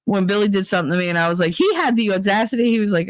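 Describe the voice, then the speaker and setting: Animated New woman telling a story. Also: medium pitch, racing, hardly any pauses, dry recording. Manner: animated, emotional, acts out quotes. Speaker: streamer. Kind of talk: casual storytelling chat.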